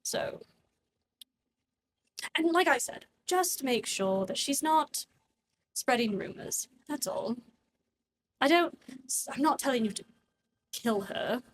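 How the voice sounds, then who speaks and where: A woman's voice: high voice, expressive, slow, pauses often, a little hiss or hum. A woman voicing a tipsy young nobleman in a tabletop game, a callous womanizer who talks in an offhand, drawling, dismissive way.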